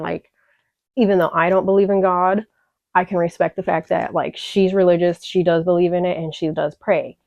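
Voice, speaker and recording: A woman's voice: fairly low pitch, vocal fry, dry recording. A young woman from Chicago telling her story in a candid vlog, emotional and profane, rambling with lots of fillers. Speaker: vlogger. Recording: dull lo-fi dry audio.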